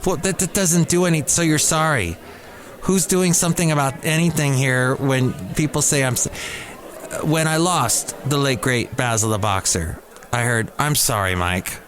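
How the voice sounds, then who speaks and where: Guy rambling on his podcast, kinda exasperated, does squeaky voices of other people. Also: normal speed, a bit bright, faint music behind. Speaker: podcast host. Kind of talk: casual solo podcast monologue. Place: cafe.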